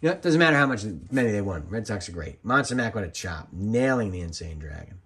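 Man, former referee, casual match commentary, husky voice, lowish pitch, rambling asides. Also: big pitch swings, fast talker, fairly bright tone. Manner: rambling, jokey, drifts into side stories. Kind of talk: casual commentary over old match footage.

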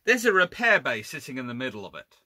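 A man's voice: medium pitch, very animated, fast, pushed and bright, no echo. A man, a naval historian, giving an informal illustrated lecture with wry, exasperated asides and frequent self-corrections.

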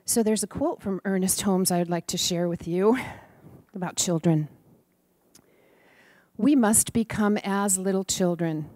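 Gentle woman telling a sermon story. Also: medium pitch, measured pace, pauses often, no echo. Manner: gentle, affectionate, lively when quoting children. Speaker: speaker in a preaching class. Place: church or center hall.

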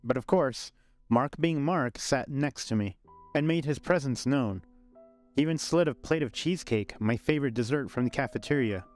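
A man narrating a scripted first-person love story in a calm, even way. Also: mid-range voice, moderate pace. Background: faint background music.

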